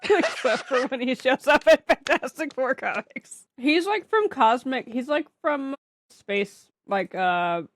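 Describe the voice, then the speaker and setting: A woman's voice: sits high, lively intonation, takes it slowly, no room sound. A woman co-hosting a comic book podcast, talking things through in a chatty, reflective way and often checking in with "right?". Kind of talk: casual chat about a comic.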